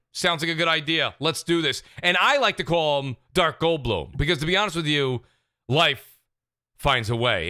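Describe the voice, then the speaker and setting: A man hosting a casual gaming podcast in an animated, joking way. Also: fairly high pitch, no room sound, studio quality. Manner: animated, jokey, gives chat shout-outs. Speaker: podcast host.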